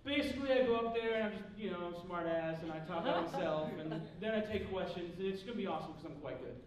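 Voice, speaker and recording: High voiced guy cracking jokes at a con panel, far from the mic, big echoey hall. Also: fast, crowd noise. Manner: joking, self-mocking, acts out quoted dialogue. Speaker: convention panel guest. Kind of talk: comedic storytelling to a live audience. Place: large convention panel hall.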